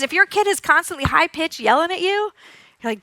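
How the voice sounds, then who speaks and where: A woman occupational therapist giving a lively, demonstrative conference talk, acting out sounds and giggling as she teaches. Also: very high-pitched, fairly quick, no echo. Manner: giggles often while teaching. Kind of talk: live conference presentation.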